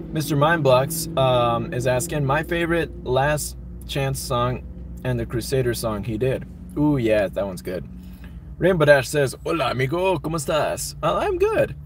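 A man's voice: mid-range voice, a little hiss or hum. A young man casually chatting and reading viewer messages on a livestream, rambling and laughing often. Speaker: livestream host reading chat. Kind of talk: casual live-stream chat.

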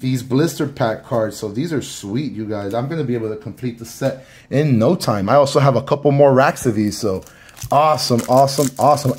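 A man from Miami opening trading card packs on camera, talking casually to his viewers and repeating his words when excited. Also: mid-range voice. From Miami, Florida. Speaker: card collector. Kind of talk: casual pack-opening commentary.

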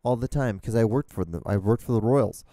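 Male solo podcast host, mellow voice, dry close mic, swears a lot while ranting. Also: lowish voice, brisk, no room sound. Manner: profane, exasperated ranting. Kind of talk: casual solo rambling rant. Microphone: studio microphone, talking to camera.

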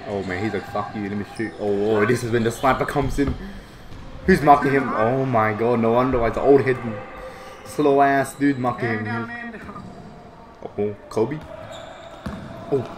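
A young man giving excitable, foul-mouthed reaction commentary. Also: mid-range voice, measured pace, long pauses, background noise. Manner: excitable, swears a lot, bursts of shouting. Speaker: vlogger reacting to basketball footage.

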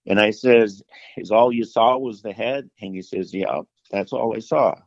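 A man's voice: on the low side, normal speed, creaky, dry recording. A middle-aged outdoorsman telling a story casually, rambling with fillers and restarts and acting out the dialogue. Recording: dull lo-fi dry sound.

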